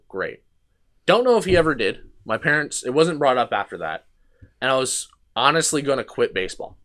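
A lowish, fairly bright male voice belongs to a young man hosting a podcast. His rambling anecdote is long and casual, peppered with restarts, fillers and curses.

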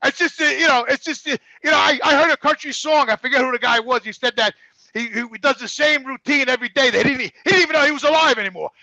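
A man's voice: very high-pitched, fast talker, creaky, sharp tone, no echo, poor audio. A middle-aged man, a truck driver, telling long blunt stories with constant swearing in a rambling, casual way. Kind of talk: casual storytelling.

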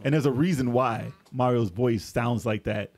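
A man hosting a podcast in casual chat, animated and laughing as he rambles through his retellings. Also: mid-range voice, normal speed. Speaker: podcast host.

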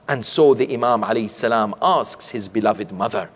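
A man's voice: fairly low pitch, moderate pace, few pauses, fairly bright tone. A man giving a sermon from the pulpit, telling stories and often asking rhetorical questions of the audience. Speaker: sheikh preaching. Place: community centre hall, from the pulpit. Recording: long hall reverb.

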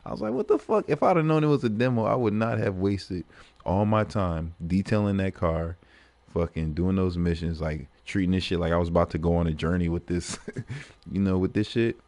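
A man streaming games, telling stories in a profane, animated way and laughing often between lines. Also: low voice, normal speed, no echo. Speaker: gaming livestreamer. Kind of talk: casual livestream commentary.

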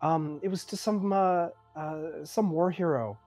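A bewildered middle-aged mother, polite but shaken, stumbling through her words with ums and false starts, as the game master puts her on. Her voice sits at an ordinary middle pitch. It is a tabletop role-play game, with faint music in the background. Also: a little slow, a little mellow. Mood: flustered. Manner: hesitant, full of ums and restarts.

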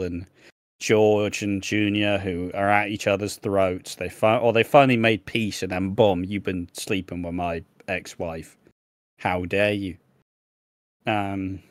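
A man's voice: on the low side, fairly bright tone, dry recording. British guy chatting on a podcast, swears a lot, laughs, dry close mic. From Britain. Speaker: podcast co-host. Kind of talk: casual chat. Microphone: home setup, on camera.

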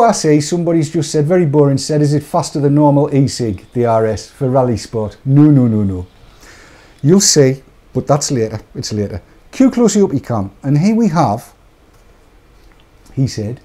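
Chatty man, mellow. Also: mid-range voice. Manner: chatty, joking, rambling off the cuff. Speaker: host of a live vaping product show. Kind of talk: casual live-stream chat.

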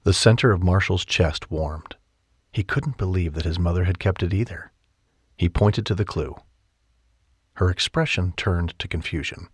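Low, husky male audiobook narrator. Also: animated, normal speed, dry recording, studio quality. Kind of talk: scripted narration.

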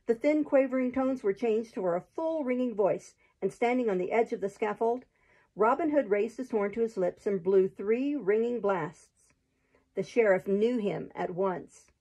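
Gravelly woman reading a story aloud. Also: on the high side, measured pace, mellow, rough recording. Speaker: storybook reader. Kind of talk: reading a chapter book aloud.

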